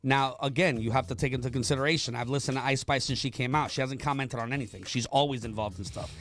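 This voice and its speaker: A woman's voice: rumbling low, quick pace. A woman hosting a radio show in casual chat, blunt and joking, with strong opinions.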